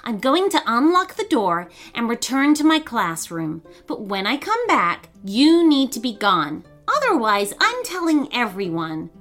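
A brave schoolgirl, as a woman reading aloud voices her, talks firmly and insistently in a fairly high, lively voice. It is a storybook reading, with soft music faintly underneath. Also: unhurried, few pauses. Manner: firm and insistent. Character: brave schoolgirl, firm and determined.

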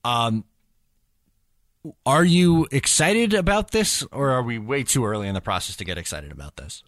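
A man's voice: medium pitch, big pitch swings, moderate pace, fairly bright tone, no echo. A man co-hosting a podcast in casual chat, rambling with lots of fillers. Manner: rambling, filler-heavy, overthinking. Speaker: podcast co-host.

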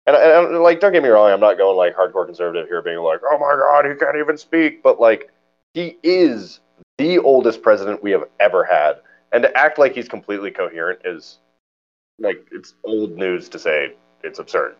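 Young podcast guy, lowish voice, jokey and stumbly, kinda dull lo-fi sound. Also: moderate pace. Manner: animated, stumbling restarts, jokey. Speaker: podcast co-host. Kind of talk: casual chat. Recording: dull lo-fi recording.

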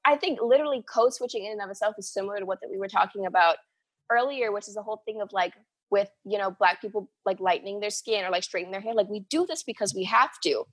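A young woman from the Bahamas co-hosting a podcast, chatting in an animated way and saying "like" and "literally" a lot. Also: mid-range voice, quick pace, breathy edge. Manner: animated, says "like" and "literally" often. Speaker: podcast co-host. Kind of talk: casual chat.

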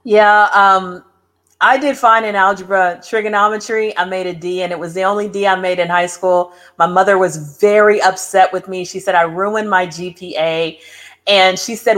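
A middle-aged woman, a high school English teacher, talking as a podcast guest in an earnest, measured way. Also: fairly even intonation, fairly bright tone. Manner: earnest, measured, explains patiently. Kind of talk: casual chat.

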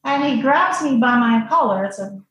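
A woman guest on a podcast telling her personal story in an animated, emotional way, with frequent restarts. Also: a little high, moderate pace. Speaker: guest, former client. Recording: strong room echo.

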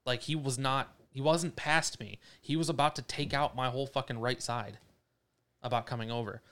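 Brief: young male podcast co-host, clear voice, animated and swearing a lot in casual chat. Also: medium pitch, normal speed. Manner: profane, animated storyteller.

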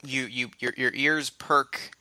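A man narrating as game master of a tabletop game, in a relaxed, loose style with frequent restarts and fillers. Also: medium pitch, takes it slowly.

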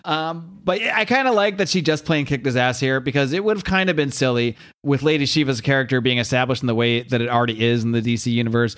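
A man's voice: mid-range voice, quick pace, few pauses, fairly bright tone, no echo, studio quality. A man casually recapping a comic series as a podcast co-host, rambling, laughing often and reading quotes in put-on voices. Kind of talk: casual chat.

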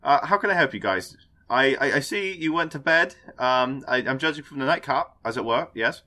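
A man's voice: mid-range voice, animated, moderate pace, sharp tone, pitched above the performer's own voice. A man voicing a pompous water spirit in human form with a Cockney accent, stammering as he chats. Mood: chummy. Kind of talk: voicing an NPC in a tabletop game.

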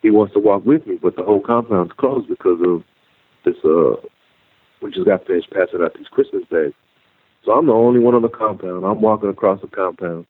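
A man telling his own story as a guest, halting and repeating words as he goes. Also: lowish voice, husky, no echo. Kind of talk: personal storytelling. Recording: tinny phone-like line.

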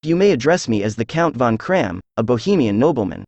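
A synthesized male voice reading the lines of a proud, anxious masked king in an audiobook, in an even machine delivery. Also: medium pitch, a little fast, dry recording. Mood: formal. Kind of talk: text-to-speech audiobook dialogue.

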